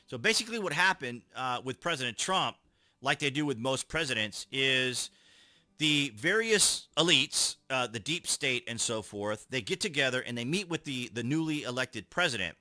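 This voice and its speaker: A man's voice: mid-range voice, sharp tone, dry recording. A man giving casual political commentary, reading out articles and reacting with sarcastic rhetorical questions.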